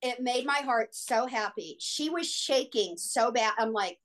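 A woman, an actress and guest on an interview show, telling stories in an excitable, gushing way. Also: fairly high pitch, a little slow. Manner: excitable, gushing, frequent "like" and "oh my God". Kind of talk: casual interview storytelling.

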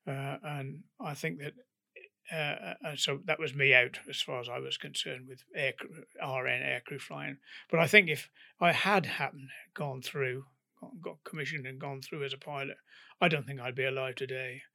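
Older British man, anecdotal guest, gravelly and bright, animated teller who acts out the dialogue. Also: medium pitch, normal speed. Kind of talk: anecdotal storytelling in an interview.

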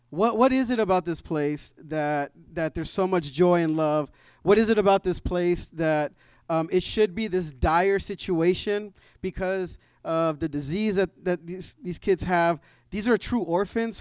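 A man's voice: fairly high pitch, darkish tone, smooth, no echo. Man, church testimony speaker, conversational with restarts, emphatic at peaks, dry close-mic sound. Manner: conversational, many fillers and restarts, rises to emphatic preaching. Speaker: church member sharing a mission trip testimony.

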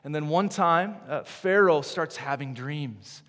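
A man preaching a sermon, animated, swinging between loud emphasis and hushed, slow drops. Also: fairly high pitch. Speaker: pastor. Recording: long hall reverb.

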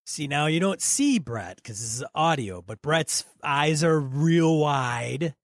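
A man's voice: on the high side, expressive, slow pace, dry recording, studio quality. A man co-hosting a casual podcast, talking his partner through voice exercises. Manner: coaching, prompts his partner by name. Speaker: podcast co-host.

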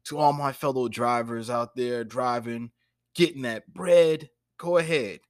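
A man hosting a casual podcast, talking in an animated way and laughing easily. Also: mid-range voice, no echo, studio quality. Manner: animated, flustered, quick to laugh. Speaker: podcast host.

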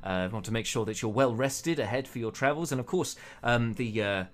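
A man's voice: medium pitch, brisk, close to an everyday voice. A man voicing a redheaded woman barmaid who runs the inn, polite, flustered and stammering. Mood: apologetic cheerful.

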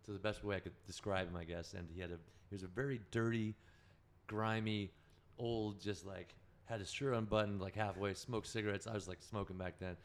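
A man's voice: lowish voice, fairly even intonation, brisk. A man telling stories as a podcast guest in casual chat, rambling, profane and correcting himself as he goes.

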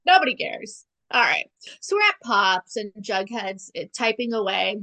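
A woman co-hosting a casual podcast, recapping a TV episode with sarcastic asides and quick acted-out lines of dialogue. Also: mid-range voice. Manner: animated, sarcastic, acts out character lines. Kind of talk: casual chat.

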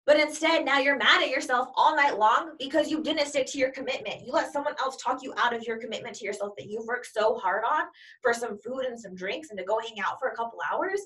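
A woman's voice: fairly high pitch, fairly quick, a bit bright, distant mic. A woman giving an emphatic, repetitive motivational talk as a coach. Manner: emphatic and repetitive, piling up examples.

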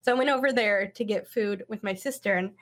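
A woman's voice: medium pitch, a little fast. A married woman chatting casually on a podcast, telling a long story with plenty of "like" fillers. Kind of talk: casual chat.

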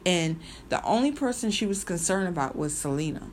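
A woman's voice: fairly low pitch, brisk, slight background noise. A woman hosting a video, telling a story in a loose, rambling way, full of ums and repeated phrases, and turning emphatic when she gets worked up. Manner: animated and emphatic, slips into mimicry. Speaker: video host. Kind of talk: casual storytelling commentary.

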